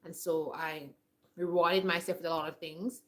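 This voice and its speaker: A woman's voice: lowish voice, steady tone, normal speed, a bit bright. A woman in her forties talking in a casual, reflective monologue, rambling and restarting her sentences often. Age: 40s. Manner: rambling, with many restarts and "like" fillers. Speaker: homestead vlogger.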